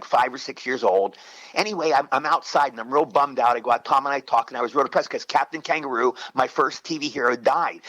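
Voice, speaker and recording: A man in his sixties, an actor telling rambling, excited stories with many restarts in a casual interview. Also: mid-range voice, dry recording, low-quality recording. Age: 60s. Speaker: actor guest.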